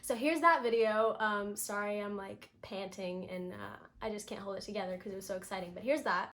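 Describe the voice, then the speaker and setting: A woman's voice: mid-range voice, brisk, fairly bright tone. A young woman giving a casual, rambling vlog recap, full of filler words and self-corrections. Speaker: vlogger.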